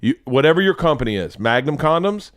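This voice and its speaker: A man hosting a show, giving sarcastic, profane running commentary on videos in an animated way. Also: a little high, a little fast, no echo, clean studio sound. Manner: animated, sarcastic, swears a lot. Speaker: show host.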